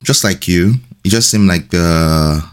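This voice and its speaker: A man's voice: deep voice, measured pace, clean tone. A young Nigerian man co-hosting a faith podcast, playful and joking, more hesitant when he reflects. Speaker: podcast co-host. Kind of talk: casual faith podcast chat.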